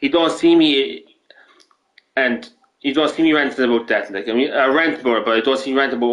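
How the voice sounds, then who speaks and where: A man's voice: mid-range voice, brisk, a bit bright, rough recording. An Irish man streaming games and ranting casually, rambling, swearing often and restarting his sentences. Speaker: gaming streamer.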